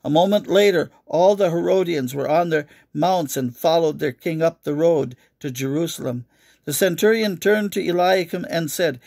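Man, storybook narrator, measured read-aloud, fairly high voice, gravelly. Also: darkish tone. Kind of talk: children's storybook reading.

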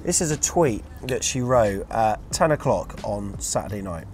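A man's voice: fairly low pitch, expressive, moderate pace, darkish tone, soft background music. A man co-hosting a fan channel, chatting casually and telling stories from an away trip. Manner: chatty storyteller, reads out quotes. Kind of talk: casual chat review.

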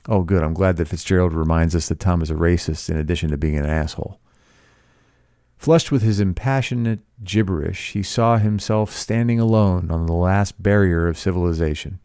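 A man's voice: low voice, normal speed, warm tone, clear, resonant tone, no echo, clean studio sound. A man reading a novel aloud as a teacher, breaking off for blunt, sarcastic, profane commentary.

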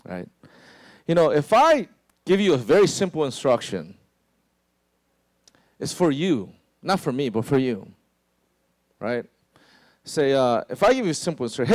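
A pastor preaching a sermon in a conversational way, often asking "right?" and dropping into a lower voice to act out quotes. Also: male voice, big pitch swings, moderate pace, long pauses, darkish tone, no room sound. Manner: conversational, many "right?" asides and restarts.

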